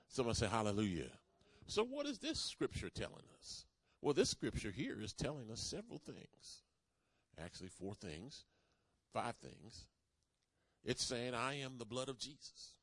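A man's voice: medium pitch, very animated, moderate pace, no echo. Emphatic preaching man, dry sound. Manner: call-and-response preaching, rising to emphatic declarations. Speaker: pastor. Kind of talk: sermon.

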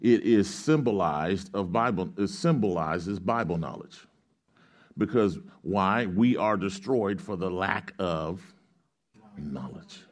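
A man with a low, steady voice preaching to his congregation. He reads scripture and then works through it like a teacher. He keeps asking questions for the crowd to answer back. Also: slow. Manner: reads scripture aloud, explains Greek grammar. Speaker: pastor. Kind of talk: sermon with call-and-response.

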